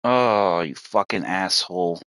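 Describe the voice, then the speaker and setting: A man's voice: sits low, measured pace, a bit bright, a little hiss or hum. A man streaming a game and commentating, frustrated, swearing and repeating himself. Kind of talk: gameplay commentary.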